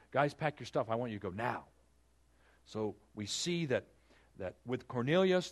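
A man preaching a sermon, retelling scripture in a conversational way and acting out the characters' lines. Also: medium pitch. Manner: animated, conversational preaching that acts out biblical dialogue. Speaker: pastor.

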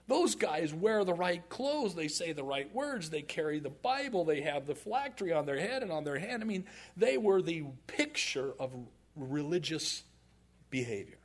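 Animated preacher man in his forties. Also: sits high, moderate pace. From United States. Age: 40s. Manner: animated, laughing through anecdotes. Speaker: pastor. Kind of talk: storytelling sermon.

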